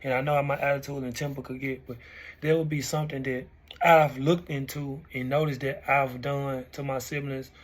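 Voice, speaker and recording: A young man in his twenties, hosting a weekly talk segment and reflecting in a relaxed, conversational way. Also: medium pitch, normal speed. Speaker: host. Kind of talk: casual talk-show commentary.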